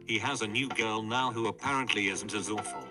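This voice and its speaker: A synthetic male voice reads forum stories aloud, pitched a little low. The delivery stays flat and even throughout, with music playing clearly beneath him. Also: brisk. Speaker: narrator reading forum posts. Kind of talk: text-to-speech story reading. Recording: background music under voice.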